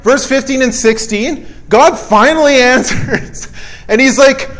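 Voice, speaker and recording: A man's voice: extremely high pitch, a little slow, a bit bright. A male preacher giving a conversational sermon, emphatic and repetitive with folksy asides.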